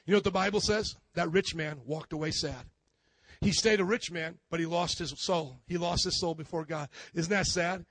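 A man's voice: a little high, moderate pace, a bit bright, no echo. A man who is a pastor, preaching a sermon with emphatic rhetorical questions and acted-out scenes.

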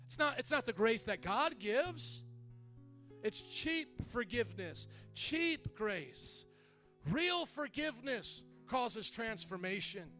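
A man's voice: very high-pitched, very animated, slow pace, pushed and bright, faint music behind. A man preaching a sermon as pastor, repeating key lines and calling on the congregation to respond. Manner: repetitive preaching with call-and-response.

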